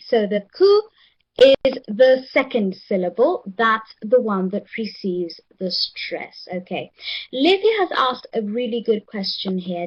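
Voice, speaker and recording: A woman teaching an English pronunciation lesson, encouraging and repeating words slowly for the class. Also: fairly high pitch, expressive, dull audio.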